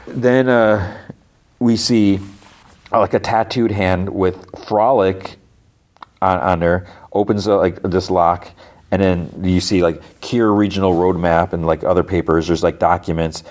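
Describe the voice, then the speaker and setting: A man's voice: low voice, darkish tone. A man hosting a podcast, casually recapping a TV episode, rambling with lots of "like" and retelling the dialogue scene by scene. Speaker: podcast host.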